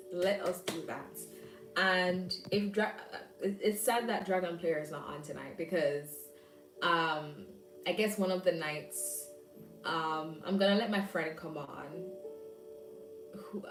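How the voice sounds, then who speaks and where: A woman's voice: fairly low pitch, distant mic. A woman hosting a casual livestream chat, reading comments aloud and laughing often. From Jamaica. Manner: chatty, laughs often, thinks aloud with fillers. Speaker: livestream host. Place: home, living in England. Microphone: phone or tablet. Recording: roomy sound from off mic, loud music behind.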